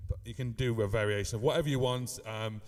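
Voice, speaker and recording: A man's voice: mid-range voice, fast, long reverb tail, faint music behind. A man from the UK teaching live looping in a casual live stream, rambling with many fillers and beatboxing now and then. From United Kingdom.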